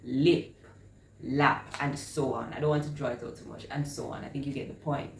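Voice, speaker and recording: A woman teaching phonics, sounding out short vowel words slowly and with heavy emphasis. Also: extremely low pitch, fairly even intonation, vocal fry, a little mellow, slight background noise. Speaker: reading teacher. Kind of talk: instructional talk on phonics. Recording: echoey room with faint ambience.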